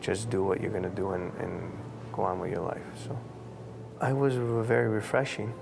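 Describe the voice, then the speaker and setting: Hesitant man with gravelly low voice. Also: fairly even intonation, over music. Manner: halting, hesitant, restarts. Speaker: audience member receiving a reading. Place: studio with live audience.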